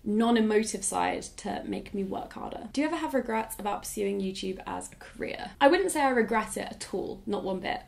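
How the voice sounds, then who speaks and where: A YouTuber in her twenties answers viewer questions in a casual talking-head Q&A, her medium-pitched voice marked by vocal fry. She sounds reflective and uses "like" as a filler again and again.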